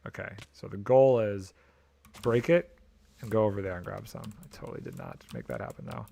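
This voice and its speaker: Speaking fairly quickly into a desk mic with vocal fry, a man gives casual gameplay commentary while streaming, joking and thinking aloud with mild exasperation. His tone is mellow and fairly low.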